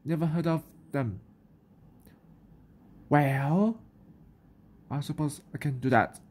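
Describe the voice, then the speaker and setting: A woman's voice: low-pitched, takes it slowly, a little mellow, slightly rough, heavily acted. Woman reading as a doting, cooing sorceress. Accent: New Zealand. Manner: cooing, indulgent. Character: doting sparkly babysitter sorceress, hard of hearing. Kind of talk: children's picture book read aloud.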